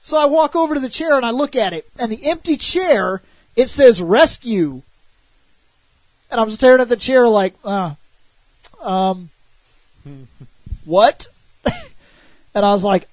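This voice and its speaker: Animated man telling a gaming story. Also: very high voice, normal speed, long pauses, dry recording. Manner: animated storytelling, acts out quotes, swears freely. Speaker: podcast co-host. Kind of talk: casual gaming chat.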